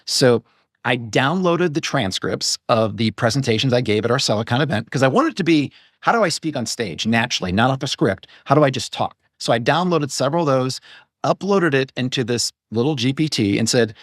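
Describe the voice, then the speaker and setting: Expressive and fairly quick, a man with a mid-range voice chats as a podcast guest about his online business. The casual interview wanders into digressions and self-corrections, and the studio-quality audio has no echo.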